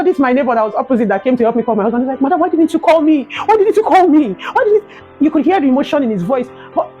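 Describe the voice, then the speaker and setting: Fast-talking Nigerian woman vlogger. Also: fairly high pitch, muffled recording. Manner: emotional, animated retelling with prayerful exhortation. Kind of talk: personal storytelling and encouragement.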